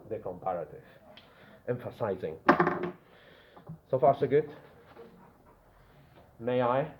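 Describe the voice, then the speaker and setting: A man teaching an English grammar class, animated and repetitive, checking in with "yeah?" after nearly every point. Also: mid-range voice, reverberant, narrow, tinny audio, noisy background.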